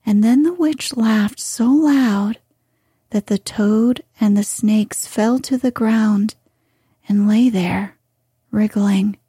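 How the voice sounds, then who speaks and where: A woman reading a fairy tale aloud in a soft, hushed whisper. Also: mid-range voice, slow pace, breathy edge, no room sound, studio quality.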